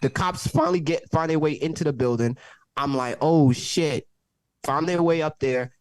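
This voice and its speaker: A man telling a story on a podcast by video call, animated, swearing freely and acting out the people in it. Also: fairly high pitch, moderate pace, clear, resonant tone, no room sound. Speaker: podcast guest. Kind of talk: casual storytelling. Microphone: own mic, peaking.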